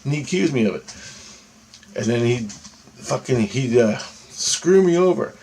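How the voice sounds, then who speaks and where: A man's voice: medium pitch, lively intonation, unhurried, vocal fry, darkish tone, a little hiss or hum. A young man in a casual monologue, recounting a dream with heavy cursing, rambling on and checking in with "right?" and "okay?". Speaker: vlogger.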